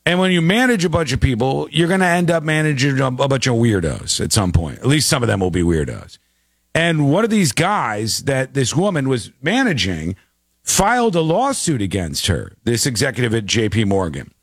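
Man, talk show host, lively swooping pitch, dry close sound, incredulous and joking. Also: normal speed, slightly rough, no room sound. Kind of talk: casual news commentary.

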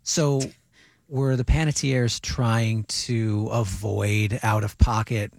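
A man co-hosting a radio show, reading listener messages aloud in a dry, measured way. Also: on the low side, fairly even intonation, creaky, darkish tone, no room sound. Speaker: radio co-host.

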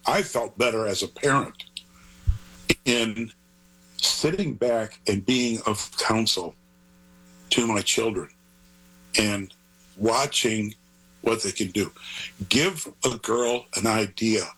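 A man's voice: lowish voice, fairly bright tone, slightly rough, rough recording. An older man, a grandfather, talking as an author guest in an interview, rambling and earnest in a digressive way. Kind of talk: conversational interview.

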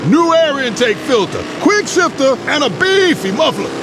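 A boastful, proud biker. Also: male voice, very high voice, very animated, normal speed, heavily acted. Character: proud biker man showing off his motorcycle. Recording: engine noise behind.

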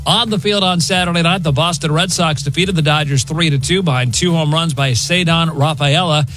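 A man reading a radio sports news update in a brisk, scores-reading delivery. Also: on the high side, fairly bright tone, low-quality recording.

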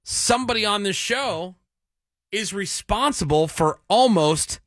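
Lively man hosting radio banter. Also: sits high, unhurried, no room sound. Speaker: radio show host. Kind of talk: casual morning radio banter.

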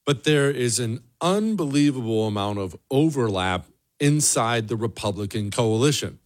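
A man's voice: mid-range voice, expressive, normal speed. A man hosting a political commentary show, talking in an emphatic, mocking monologue. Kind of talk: opinionated monologue.

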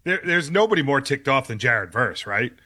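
A man's voice: mid-range voice, sing-song, moderate pace, pushed and bright, husky. A man on a sports talk show, laughing as he acts out quotes. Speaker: show regular.

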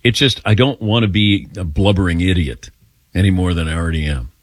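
A man with a deep voice hosts a call-in radio show, talking briskly and casually. He laughs readily and pokes fun at himself, and the sound is clean studio audio with no room sound.

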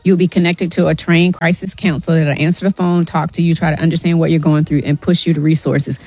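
A woman's voice: low voice, little pitch movement, fast talker, mellow, dry recording. A middle-aged woman guest on a radio show, speaking with earnest urgency and often saying "y'all". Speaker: guest, nonprofit founder. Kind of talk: emotional radio interview.

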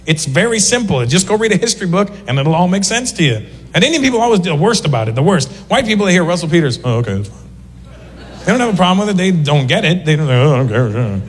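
Animated stand-up comic man. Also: high-pitched, fast talker, breathy edge, in a large hall. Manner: animated, mimics other people's voices. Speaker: stand-up comedian. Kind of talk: stand-up routine before a laughing crowd.

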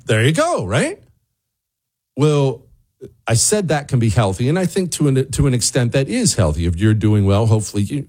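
A man's voice: a little mellow, slightly rough. A man hosting a talk show, delivering sarcastic, opinionated political commentary in a ranting manner. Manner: sarcastic, ranting, swings pitch widely for emphasis. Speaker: show host.

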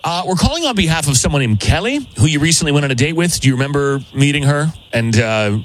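A man hosting a morning radio show, questioning a caller in a brisk, teasing way over the phone. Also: fairly high pitch, animated, slight background noise, low-quality recording. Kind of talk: morning radio prank-call chat.

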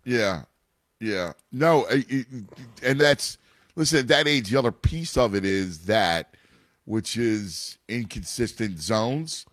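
A man's voice: fairly low pitch, expressive, slow, a bit bright, no room sound, studio quality. A man in a casual chat about his son's baseball, rambling with many restarts. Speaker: youth baseball father and coach.

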